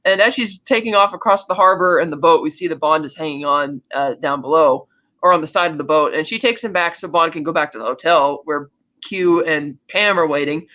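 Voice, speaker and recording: A man's voice: fairly high pitch, a little fast, dull audio. A man hosting a podcast, chatting casually as he recaps a film scene by scene and acts out the characters' lines. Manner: animated storytelling, acting out lines of dialogue. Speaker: podcast host.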